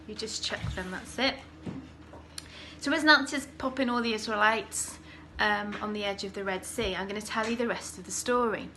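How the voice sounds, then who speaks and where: A woman leading children's church, telling a Bible story in an animated, dramatic way. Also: medium pitch, normal speed, noisy background.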